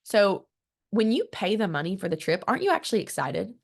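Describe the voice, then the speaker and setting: Energetic woman marketing coach. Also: mid-range voice, brisk, vocal fry. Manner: energetic and emphatic, acts out quoted voices; repeats words when restarting, direct to the audience. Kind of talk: motivational business talk.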